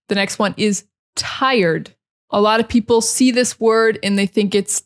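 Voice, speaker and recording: A young American woman teaching English pronunciation to learners, modeling words slowly and repeating them clearly for imitation. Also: medium pitch. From United States.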